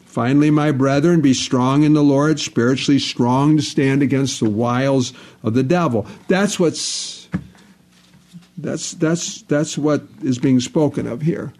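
A man's voice: mid-range voice, unhurried, darkish tone. A man preaching a sermon, stressing points by restating phrases over and over. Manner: repetitive, emphatic, restates phrases.

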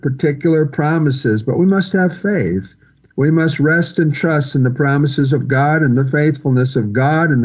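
A man preaching a sermon, quoting and repeating scripture in a measured, earnest way. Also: a little high, lo-fi sound. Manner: slow, repetitive preaching with scripture quotes.

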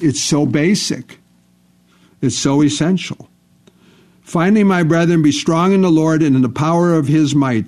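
A man's voice: fairly high pitch, a little mellow. A man preaching a sermon, stressing points by restating phrases over and over. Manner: repetitive, emphatic, restates phrases.

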